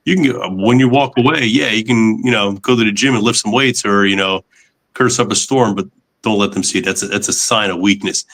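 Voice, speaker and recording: A man in a casual podcast conversation, giving calm, matter-of-fact advice. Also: on the low side, a little fast.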